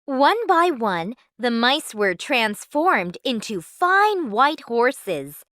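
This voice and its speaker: A woman reading a children's storybook aloud in a clear, measured, expressive way. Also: a little high.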